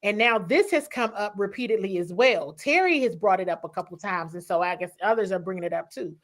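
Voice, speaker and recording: A woman sports reporter chatting as a podcast guest, telling stories with lively quoted asides, in a casual style. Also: mid-range voice, a little fast. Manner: animated storyteller, quotes people in voices.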